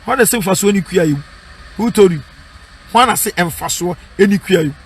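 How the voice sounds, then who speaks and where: A man's voice: sits high, brisk, husky. A man with a Ghanaian accent preaching as an evangelist, emphatic, mixing English with Twi and asking his listeners to repeat his points back. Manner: emphatic, repeats lines and asks "What I say?" for response. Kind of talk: street-style preaching and advice.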